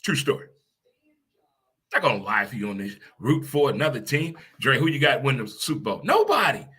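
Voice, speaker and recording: Middle-aged guy hosting his show, husky voice, bright, laughs a lot and cusses. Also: medium pitch, a little fast. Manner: animated, laughs loudly, swears casually. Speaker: show host. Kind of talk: casual morning talk show.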